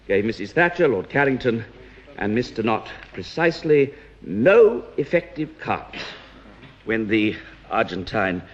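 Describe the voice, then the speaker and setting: Man, parliamentary debate speech, emphatic and rhetorical, dull archive broadcast sound. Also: mid-range voice. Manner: rhetorical, emphatic, with pauses and restarts. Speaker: opposition politician. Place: House of Commons debating chamber.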